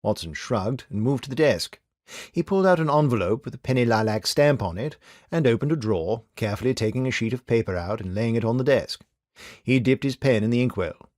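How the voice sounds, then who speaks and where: A man narrating an audiobook in a measured storytelling manner, into a studio microphone. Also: mid-range voice, expressive, darkish tone, no room sound. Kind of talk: scripted narration.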